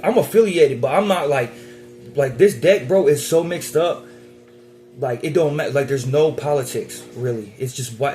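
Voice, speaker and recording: A young man from Indiana telling a casual prison storytime, profane and animated, getting louder as it heats up. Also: mid-range voice. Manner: profane, animated, gets louder when worked up.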